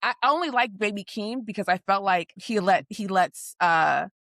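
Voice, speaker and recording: A woman's voice: mid-range voice, normal speed, fairly bright tone, no echo, studio quality. A woman co-hosting a podcast in casual chat, talkative and insistent, often restarting her sentences. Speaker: podcast co-host.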